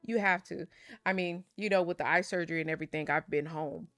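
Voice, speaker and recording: A woman's voice: on the low side, steady tone, quick pace, a bit bright, no echo, clean studio sound, soft background music. A young adult woman vlogger chatting casually and laughing often while opening card packs.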